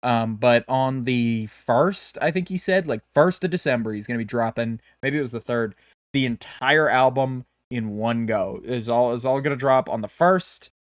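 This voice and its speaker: A young man co-hosts a laid-back podcast, rambling through his thoughts with restarts and plenty of filler words. His voice sits at a middling pitch and is recorded on his own close mic, dry with no room sound. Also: normal speed, no echo. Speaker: podcast co-host. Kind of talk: casual chat.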